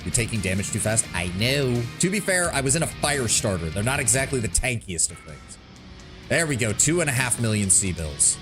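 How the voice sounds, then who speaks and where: A man's voice: medium pitch, big pitch swings, brisk. A male streamer giving casual, swearing gameplay commentary with wry reactions. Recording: game music loud under voice.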